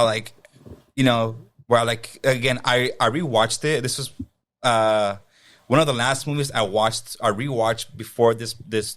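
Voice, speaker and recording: A man with a mid-range voice, talking in an easygoing way as a podcast co-host. He leans on casual fillers and loose phrasing as he works through his thoughts. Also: medium pitch. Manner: relaxed, many "like" and "you know" fillers. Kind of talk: casual movie-ranking chat.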